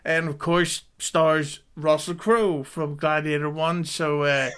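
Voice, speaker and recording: Wry man with a smooth voice. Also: on the high side, steady tone, slow, a bit bright. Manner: wry, dry critical commentary. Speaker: podcast co-host. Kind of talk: casual chat.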